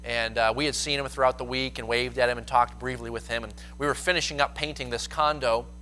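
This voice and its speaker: A man's voice: mid-range voice, steady tone, a little fast, pushed and bright, slight background noise, rough recording. A young man preaching a sermon, telling stories and acting out quoted lines with rising intensity.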